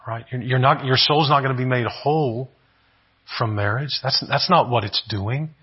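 Male pastor, husky, earnest sermon delivery, muffled lo-fi sound. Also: medium pitch, normal speed. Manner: earnest, repeats words, asks "right?" often.

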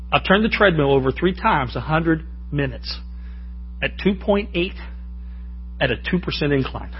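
A man's voice: on the high side, expressive, normal speed, long pauses, lo-fi sound, a little hiss or hum. A man preaching a sermon in a folksy, joking way, often calling out to the congregation for an amen. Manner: folksy, joking, asks the crowd for amens.

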